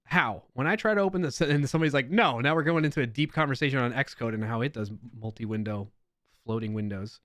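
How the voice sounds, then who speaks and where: A man's voice: medium pitch, quick pace, dry recording. A man with a New York accent hosting a casual live stream, reading viewer comments aloud with playful emphasis and chatting as he goes.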